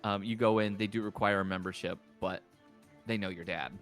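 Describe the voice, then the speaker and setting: A man narrating as game master of a tabletop game, easygoing and quick to laugh. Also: fairly low pitch, fairly even intonation, a bit bright, faint music behind.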